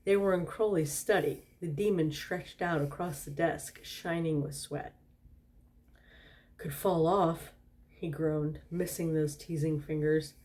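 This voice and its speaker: A woman's voice: deep voice, fairly even intonation, measured pace, dark tone. Giggly tipsy woman reading aloud. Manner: giggly, interrupts herself with laughs and asides. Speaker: storyteller. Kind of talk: drunk storytime reading.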